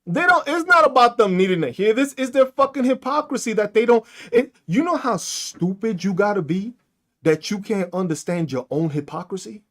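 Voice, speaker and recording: A man hosting a podcast, ranting and mocking with heavy profanity and frequent laughter, speaking with features. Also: high-pitched. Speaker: podcast host. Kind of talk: ranting commentary on comments.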